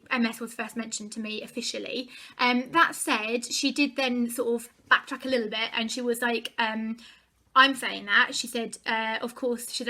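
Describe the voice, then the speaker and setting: A woman's voice: fairly high pitch, bright, forceful tone. A young woman vlogger chattily retelling a personal story to camera, acting out the dialogue.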